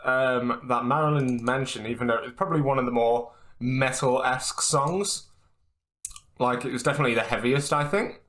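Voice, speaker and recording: Man, bright forceful voice, casual podcast chat, hesitant, stops and restarts. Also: mid-range voice, normal speed. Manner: hesitant, lots of fillers and restarts. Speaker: podcast co-host reviewing an album.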